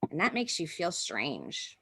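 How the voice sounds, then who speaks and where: A woman's voice: low-pitched, huge pitch swings, unhurried, vocal fry, bright, forceful tone, slightly rough. A woman pastor leading listeners through a vivid second-person story in an intimate, conversational way, speaking over a video call. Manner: intimate, vivid, with many fillers.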